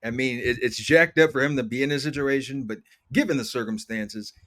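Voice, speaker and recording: A man's voice: mid-range voice, fairly quick, a bit bright. A man co-hosts a podcast and chats casually about a TV episode. His voice sits in the middle range, and his delivery is easygoing. He adds wry asides and drops "man" into his sentences. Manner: laid-back, wry asides, says "man" a lot. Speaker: podcast co-host. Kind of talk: casual chat recapping a TV episode.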